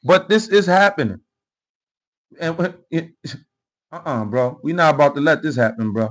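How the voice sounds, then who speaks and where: A man's voice: fairly high pitch, expressive, moderate pace, low-quality recording. A man hosting a live commentary stream, ranting in a heated, profane, repetitive way and reading out viewer comments. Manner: reads viewer comments aloud. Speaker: livestream commentary host.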